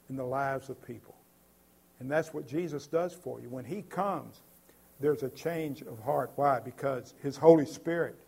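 A man's voice: a little high, slightly rough. A man preaching a sermon earnestly, with many filler sounds and repeated words.

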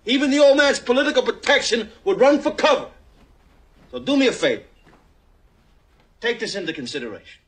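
An actor playing a calm crime-family advisor who lays out a careful, measured argument. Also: male voice, very high voice. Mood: persuasive. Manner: measured, persuasive.

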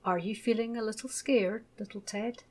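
A woman voicing a gentle, patient mother in a children's storybook, coaxing and reassuring. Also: mid-range voice, fairly even intonation, moderate pace, close to an everyday voice.

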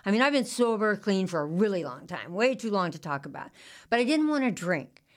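An older woman telling a personal story in a halting, confessional way, with many restarts and repeats. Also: medium pitch, very animated.

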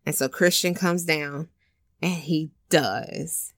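In casual chat, a woman recaps a film with a low-pitched, fairly even voice, speaking slowly in a dry recording with clean studio sound. She tells the story loosely, full of filler words and many "like"s, acting out the scenes she describes.

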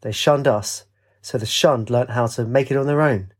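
A man's voice: mid-range voice, normal speed, breathy edge, close to an everyday voice. A man voicing a cocky, charming male singer who leads an outcast camp, laid-back and teasing. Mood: proud.

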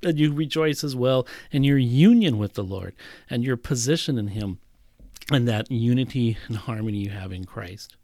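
A man's voice: medium pitch, moderate pace, darkish tone, no room sound, studio quality. A man preaching a sermon, teaching from a Bible passage with emphatic, repeated phrases. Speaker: pastor.

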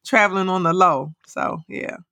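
A woman from Cleveland co-hosting a podcast in relaxed, candid chat. Her voice is bright and clear, recorded dry and close with no room sound. She laughs easily between thoughts. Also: fairly low pitch, moderate pace, no echo. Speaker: podcast co-host. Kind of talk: casual chat.

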